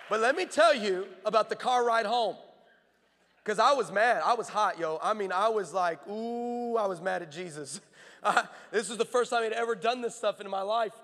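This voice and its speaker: High, bright-voiced preaching pastor. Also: male voice, moderate pace, a faint crowd. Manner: storytelling, builds to shouted preaching. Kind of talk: sermon. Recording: long hall reverb.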